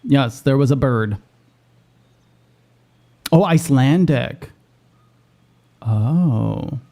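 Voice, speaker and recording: A man streaming a video game, reacting with excitable, profane commentary that jumps high when surprised. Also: extremely slow, creaky.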